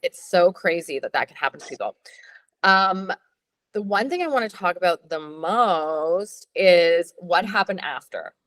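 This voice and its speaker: A woman hosting a casual conversation, talking in a chatty, animated way with lots of filler words. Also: fairly low pitch, measured pace, dry recording. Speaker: host.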